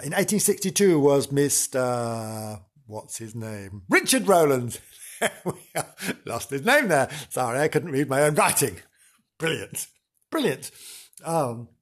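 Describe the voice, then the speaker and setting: A man's voice: mid-range voice, slightly rough. A man presenting in a theatrical, camp way, telling spooky stories with gasps and playful asides. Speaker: radio-style presenter. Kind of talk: comic spooky storytelling.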